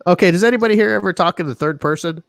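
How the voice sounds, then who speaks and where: A man's voice: high voice, racing, creaky, dry recording. A man hosting a casual podcast chat, rambling, restarting his words and laughing often. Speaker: podcast host.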